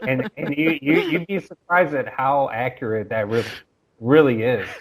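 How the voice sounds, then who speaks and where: Podcast guest, male, mid-pitched, stop-start delivery, acts out example dialogue. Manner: halting restarts, acts out quoted dialogue. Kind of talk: casual podcast discussion.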